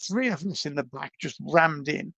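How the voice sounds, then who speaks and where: A man, a podcast guest, telling travel stories in a casual, animated, self-deprecating way over a video call. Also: on the high side, moderate pace, creaky, dry recording. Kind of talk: casual storytelling.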